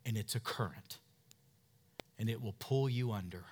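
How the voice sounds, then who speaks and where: A man's voice: fairly low pitch, moderate pace, darkish tone, slight background noise. A middle-aged male pastor preaching an emphatic sermon, calling for amens from the congregation. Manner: emphatic preaching with call-and-response.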